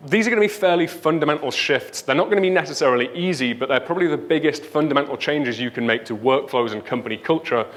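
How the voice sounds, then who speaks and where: A man with a Northern English accent giving a chatty talk to an audience at a tech conference, often dropping in "right?" and "um". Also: mid-range voice. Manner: lively, chatty, leans on "right?" and "um". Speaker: conference speaker. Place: conference stage before an audience.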